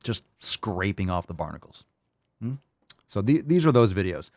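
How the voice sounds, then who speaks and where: A man's voice: lowish voice, sing-song, normal speed, darkish tone, no room sound, studio quality. Sarcastic, swearing man reacting to clips. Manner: sarcastic, mocking, swears a lot. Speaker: podcast host. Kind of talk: profane reaction commentary.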